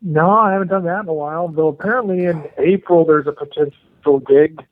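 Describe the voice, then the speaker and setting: A man's voice: on the high side, brisk, slight background noise. A man calling in to a comedy podcast, chatting in a laid-back, wry way. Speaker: call-in guest. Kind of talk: casual chat. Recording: tinny phone line.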